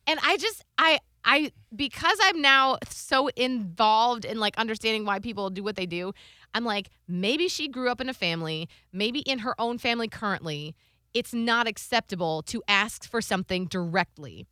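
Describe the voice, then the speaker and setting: Animated woman telling a story. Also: fairly high pitch, moderate pace, dry recording, studio quality. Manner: animated storytelling, acts out quotes. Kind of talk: casual chat.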